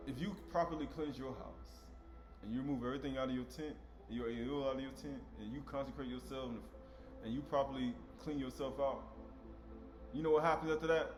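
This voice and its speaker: A man's voice: medium pitch, brisk. A man giving a casual, conversational sermon, often checking in with "right?" and acting out dialogue in slangy voices. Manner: conversational, tag questions like "right?". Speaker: preacher. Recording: echoey room with faint music.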